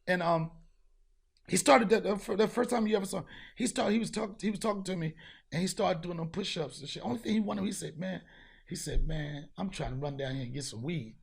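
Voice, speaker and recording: A man hosting a podcast, telling a street story in casual chat, profane and animated, acting out the people he met. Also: sits high, fairly quick, creaky, breathy edge. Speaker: podcast host.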